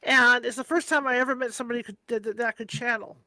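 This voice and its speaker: Chatty male host, very high and bright voice, dry close sound. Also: steady tone, no room sound. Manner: chatty, quick asides. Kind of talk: casual interview chat.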